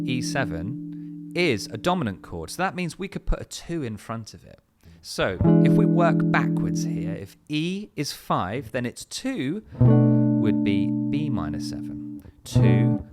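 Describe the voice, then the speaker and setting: A man with a medium-pitched, very animated voice teaches guitar step by step at an unhurried pace. He explains patiently, using frequent fillers, and plays his guitar between phrases.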